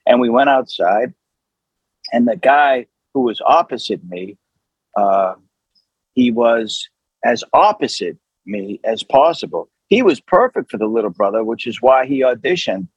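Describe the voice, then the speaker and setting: Husky-voiced man telling a story. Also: mid-range voice, a little slow, dry recording, highs cut off. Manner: animated, with many fillers and acted quotes. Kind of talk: conversational anecdote.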